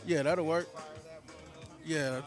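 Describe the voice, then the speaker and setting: A man's voice: a little high, steady tone, slow, faint music behind. A man vlogging food reviews at an outdoor market, hyped and slangy, calling everyone man. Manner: hyped slangy chatter, says man a lot. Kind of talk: casual food review vlog.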